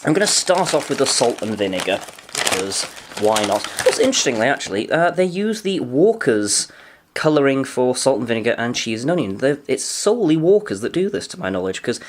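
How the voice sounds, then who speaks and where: A man's voice: mid-range voice, big pitch swings, fairly quick, a little hiss or hum. A young man giving a casual, dry-humoured food review, often talking while chewing. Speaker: food vlogger.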